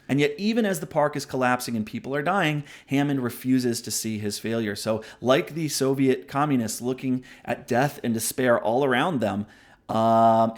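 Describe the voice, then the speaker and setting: A book review host speaks in a medium-pitched, slightly mellow voice. His casual commentary explains ideas, regularly checking in with "right?" and acknowledging his own digressions.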